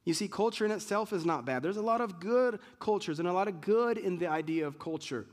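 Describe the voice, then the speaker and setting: A man preaching a sermon with a fairly high voice. He speaks conversationally, stumbling and restarting as he goes, and slips into quick impressions of what people say. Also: animated. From United States. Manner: conversational preaching with many restarts and acted-out quotes. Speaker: pastor.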